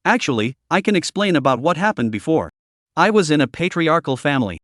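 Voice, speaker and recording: A man's voice: on the high side, very animated, brisk, fairly bright tone, dry recording, clean studio sound. A man voicing a timid, tearful young woman who keeps pleading and apologizing.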